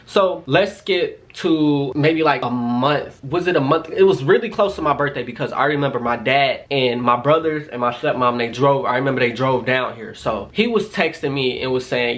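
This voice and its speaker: A man's voice: mid-range voice, a little fast, few pauses, a bit bright. A young man telling a personal story in a casual, chatty way, acting out the dialogue with lots of "like" and "y'all". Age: young adult. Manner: chatty, loose, quotes people in dialogue, frequent "like" and "y'all". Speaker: vlogger.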